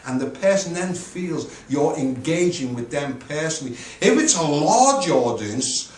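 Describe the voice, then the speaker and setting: A man from the United Kingdom giving an energetic, emphatic public speaking coaching talk with dramatic pitch swings. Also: unhurried. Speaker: motivational speaker. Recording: echoey room, voice from a distance.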